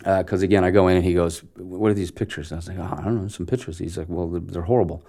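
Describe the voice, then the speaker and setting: A man in his forties from Canada, a guest telling an animated story of his start as an actor and acting out the dialogue as he goes. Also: low-pitched, racing, creaky. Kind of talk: casual storytelling interview.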